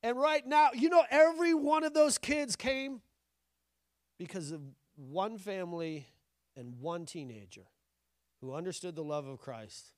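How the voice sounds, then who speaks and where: A man's voice: high voice, animated, unhurried, dry recording, clean studio sound. A man in his thirties, a pastor, preaching a sermon in a conversational, joking style with bursts of animation.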